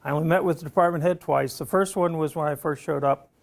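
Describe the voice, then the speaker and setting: A man's voice: fairly high pitch, fairly even intonation, fast, gravelly. A man around seventy, a professor telling a long story to his class and often checking in with "okay?". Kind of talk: classroom lecture anecdote.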